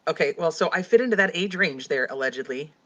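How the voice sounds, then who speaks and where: A woman's voice: sits low, expressive, fast, fairly bright tone. A woman hosting a casual true-crime discussion, rambling with lots of "like" while reading comments aloud. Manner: rambling, heavy use of "like". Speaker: host. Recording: dull lo-fi audio.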